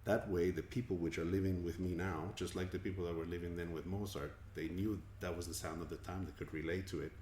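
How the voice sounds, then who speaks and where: Brief: male musician from Colombia, interview guest, very low voice, earnest and reflective, roomy recording. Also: flat delivery, fast, few pauses, darkish tone. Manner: thoughtful, earnest, repeats words as he goes. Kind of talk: interview answers. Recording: echoey room with faint ambient noise.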